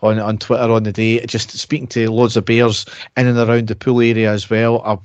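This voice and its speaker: A man's voice: mid-range voice, flat delivery, fairly quick, clear, resonant tone, no echo. A man co-hosting a podcast, telling a story in a chatty way and laughing at his own tales. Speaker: podcast co-host. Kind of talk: casual chat.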